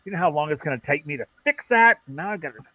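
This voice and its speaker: A man voicing a young, wiry male mechanic who complains indignantly and fast. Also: fairly high pitch, expressive, no echo, voice pushed up. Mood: irritated. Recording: dull dry lo-fi mic.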